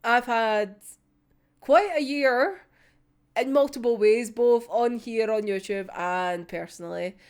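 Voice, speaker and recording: A woman's voice: a little high, slow pace, clear, resonant tone. A young woman chatting casually to her viewers in a vlog, laughing often and swearing now and then. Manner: uses local words like wee and yous. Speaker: YouTube creator.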